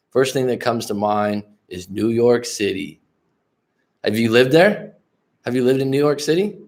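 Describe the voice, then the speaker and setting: Man, life coach on a livestream, loose rambling talk, swears a lot, chats with viewers, casual. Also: fairly low pitch. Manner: rambling, profane, addresses chat viewers directly.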